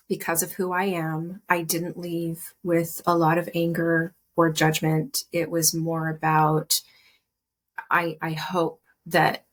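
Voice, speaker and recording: A woman speaking as a podcast guest, soft and reflective, often hesitating and restarting her sentences. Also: low voice, husky. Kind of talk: personal conversation.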